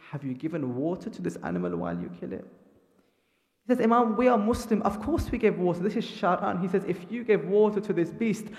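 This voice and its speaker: A man, his delivery full of grief as it swings from hushed, slow murmurs up to loud anguished cries. His words ring out with a long echo, as if spoken in a large hall. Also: high voice, vocal fry. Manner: grieving, rises to cries and falls to murmurs. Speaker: speaker at a mourning gathering. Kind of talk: emotional sermon. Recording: reverberant hall.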